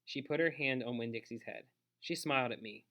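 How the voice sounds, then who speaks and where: A man reading a children's book aloud in gentle, steady narration on his own channel. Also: mid-range voice, a little fast.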